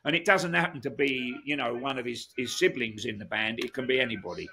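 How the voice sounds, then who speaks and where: Gravelly man telling long stories. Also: medium pitch, a little fast, pushed and bright. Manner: rambling, many restarts and asides. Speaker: guest musician. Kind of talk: casual storytelling interview.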